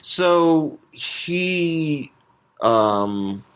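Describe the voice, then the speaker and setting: A man's voice: a little high, lively intonation, very slow, fairly bright tone, smooth. A man co-hosting a casual comic book podcast, loose and rambling, swearing and full of fillers. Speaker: podcast co-host.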